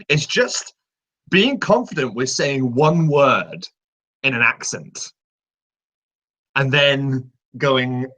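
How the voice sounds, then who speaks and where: Man on a panel talking shop about voices, bright sharp tone, walks through it with examples. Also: mid-range voice. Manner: explains patiently with examples. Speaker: guest voice actor. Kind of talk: casual panel discussion.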